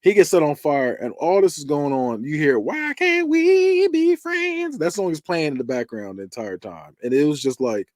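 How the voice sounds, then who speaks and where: A man's voice: mid-range voice, brisk, few pauses, no echo, clean studio sound. A podcast host chatting casually through movie death scenes, acting out lines and laughing as he goes. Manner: animated, acts out quotes and screams, laughs often.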